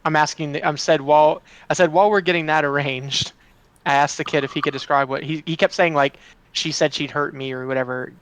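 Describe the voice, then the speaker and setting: A man with a fairly high voice plays a tabletop game over a call. He asks curious questions and rambles, restarting his sentences as he goes. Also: fairly even intonation, fairly quick, a bit bright, smooth. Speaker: player. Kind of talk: casual tabletop game chat.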